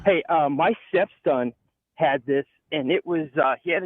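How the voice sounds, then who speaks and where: A male caller phoning into a radio show, out of breath, talking haltingly with many fillers. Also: on the high side. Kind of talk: phone-in call. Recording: tinny phone line.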